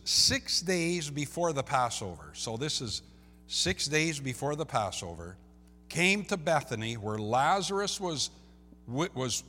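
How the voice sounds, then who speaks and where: A man preaching a sermon as a pastor, swinging between loud and soft and repeating key phrases. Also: medium pitch, big-room sound. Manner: lively preaching, rising and dropping in loudness, repeats phrases.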